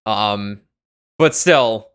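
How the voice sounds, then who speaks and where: A man's voice: lowish voice, very slow, a bit bright, clear, resonant tone. A young man streaming a courtroom game, chatting casually, joking and swearing with friends. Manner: rambling, joking, swears freely. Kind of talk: casual game let's-play commentary.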